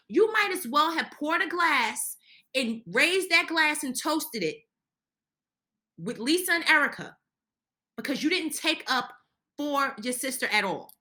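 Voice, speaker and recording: Woman, high-ish bright voice, indignant reality-TV recap commentator, heated and full of restarts. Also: very animated, unhurried.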